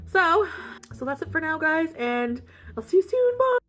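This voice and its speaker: A woman's voice: very high-pitched, moderate pace, soft background music. Chatty woman telling a storytime vlog. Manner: chatty, laughs often, heavy use of "like"; frank and animated retelling. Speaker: vlogger. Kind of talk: casual storytime chat.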